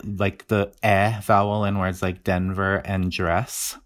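A man's voice: low voice, level tone, slow, fairly bright tone. A man from the Mountain West explaining his research in a casual interview, with many fillers and restarts. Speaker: linguistics researcher guest.

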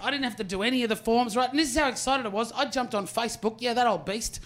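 A man's voice: extremely high pitch, quick pace, hardly any pauses, fairly bright tone, a little hiss or hum. An Australian man in his forties doing a stand-up comedy routine, telling a story loosely, swearing and throwing asides to the audience. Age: 40s.

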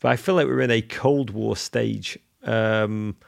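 A man's voice: lowish voice, steady tone, measured pace, vocal fry. A man with an English accent co-hosting a casual podcast, effusive and rambling, with many restarts. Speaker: podcast co-host.

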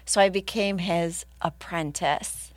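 Woman guest, slightly low voice, close dry mic; animated anecdote teller. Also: takes it slowly, dry recording. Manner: animated, laughing, acts out other people's lines. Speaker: podcast guest. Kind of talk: casual storytelling.

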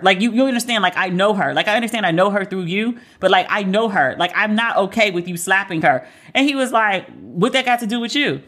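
A woman talks straight to her audience in an unscripted commentary, blunt and profane. She retells what people said with animated acted-out voices, in a voice of ordinary middle pitch. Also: brisk, few pauses. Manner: candid, profane, animated storytelling; acts out other people's voices while retelling. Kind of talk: casual commentary monologue.

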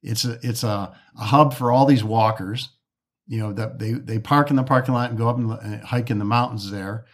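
A man's voice: mid-range voice, moderate pace. Rambling man telling stories. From Detroit area. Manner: rambling, restarts often, acts out quoted dialogue. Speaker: golf course architect guest. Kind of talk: casual interview talk.

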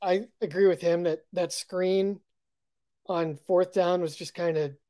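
A man co-hosting a football podcast, talking through plays in a measured, analytical way. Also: high-pitched, steady tone, warm tone. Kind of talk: casual sports talk.

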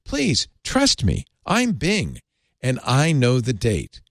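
A man's voice: mid-range voice, slow pace, no room sound, studio quality. A man hosting a casual talk show, playfully reading chatbot replies aloud with mock seriousness. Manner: animated, playful, reads out texts with mock gravity. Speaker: podcast host.

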